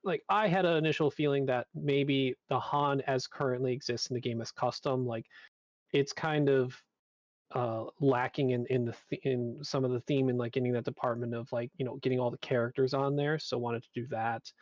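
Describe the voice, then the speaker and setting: Dude talking game design, kinda muffled lo-fi mic, dry, rambly. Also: male voice, mid-range voice, fairly even intonation, moderate pace, no room sound. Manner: rambling, many fillers. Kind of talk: casual panel talk.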